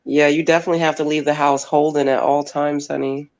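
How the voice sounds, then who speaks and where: A woman's voice: low voice, level tone, fast, a little mellow. A woman chatting casually on a talk show, supportive of the others and chatty. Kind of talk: casual chat. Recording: slightly dull lo-fi sound.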